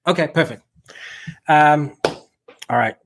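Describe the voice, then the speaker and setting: A man's voice: a little high, slow pace, a little hiss or hum. A man with a blended South African accent hosting a casual podcast chat. He is chatty, laughs easily and steers the show to its close. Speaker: podcast host.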